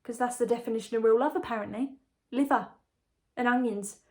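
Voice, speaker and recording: A young woman performs a dramatic monologue as the lead, a chatty young woman engaged to a condemned prisoner, confiding and gossipy in a breezy mood. Her voice is on the high side, fairly quick, a little mellow, and lightly acted.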